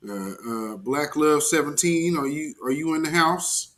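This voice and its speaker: A man's voice: on the high side, normal speed, hardly any pauses, fairly bright tone. A man hosting a casual call-in livestream who laughs easily and talks in a playful, chatty way. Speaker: host.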